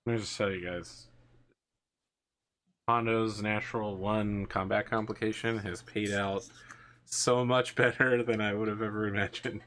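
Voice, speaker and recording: Game master, male, lowish voice, dry humor. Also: level tone, a little slow, a bit bright. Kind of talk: tabletop game table talk.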